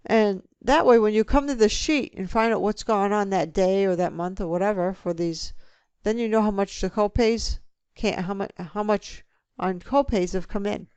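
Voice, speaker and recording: A woman teaching a spreadsheet lesson, talking through each click step by step in a relaxed way. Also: mid-range voice, moderate pace, few pauses, smooth, no echo. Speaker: instructor. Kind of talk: screen-recorded software tutorial.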